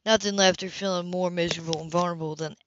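A woman reading a novel aloud in an even, steady way. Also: on the low side, fast talker, slight background noise. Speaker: audiobook reader. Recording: dull lo-fi home recording.

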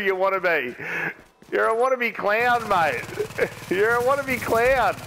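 A man's voice: high-pitched, expressive, takes it slowly, gravelly, sharp tone, a little hiss or hum. A young man trash-talking other players while gaming, taunting and jeering with frequent laughter. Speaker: gamer.

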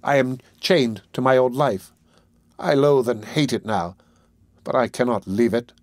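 A man's voice: mid-range voice, measured pace, dry recording, studio quality, natural voice. A man reading an audiobook, voicing a frightened, desperate young woman with an urgent, pleading delivery.

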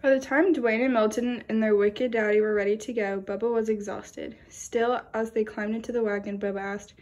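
A woman reading a children's picture book aloud in a lively storytelling way. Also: on the high side, moderate pace, hardly any pauses. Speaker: storybook reader. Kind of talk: children's read-aloud narration.

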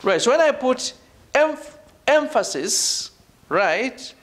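A man's voice: extremely high pitch, very animated, measured pace. A middle-aged male professor giving a university lecture, repeating his points emphatically and checking in with the class as he goes. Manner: repetitive and emphatic, punctuating points with "right?" and "ladies and gentlemen". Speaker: professor leading a doctoral seminar.

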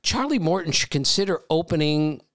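A man co-hosting a baseball podcast, telling stories in a casual chat and getting animated when he pokes fun at critics. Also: on the high side, normal speed, dry recording, clean studio sound. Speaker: podcast co-host, baseball broadcaster.

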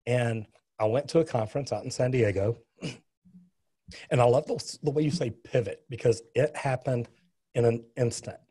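A middle-aged plumber from the US West Coast appears as an interview guest, earnestly recounting events like a story. His mid-range voice is husky and dark, he speaks at normal speed, and he often stumbles into restarts.

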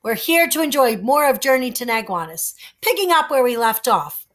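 A woman reads a children's adventure book aloud with lively, suspenseful expression. Her voice sits a little high and sounds bright and clear. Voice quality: expressive, slow suspenseful reading. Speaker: storyteller.

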